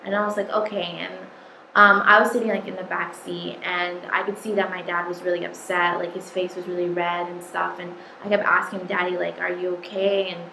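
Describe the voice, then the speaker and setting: Speaking briskly in a lowish, level voice with vocal fry, this young woman sounds pushed and bright as she recounts something from her own life. Her telling is loose and wandering, peppered with "um" and "like," and it's captured in an echoey room with light noise.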